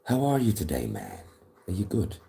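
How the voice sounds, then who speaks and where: A man's voice: low voice, wildly swooping pitch, moderate pace, vocal fry, warm tone. A young man chatting casually on a live stream, chirpy, rambling and laughing at his own jokes.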